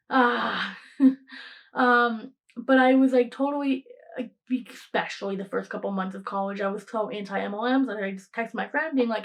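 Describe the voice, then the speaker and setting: Young woman, solo podcast host, rambly casual delivery, a bit high-voiced. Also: moderate pace, gravelly, poor audio. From Greek heritage, raised in the United States. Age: young adult. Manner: rambling, frequent "like" and restarts, laughs often.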